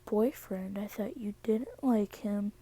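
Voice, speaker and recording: A woman voicing a suspicious, bossy mother in a fan story she narrates, speaking stern questions in a slow, mellow voice. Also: medium pitch, breathy edge.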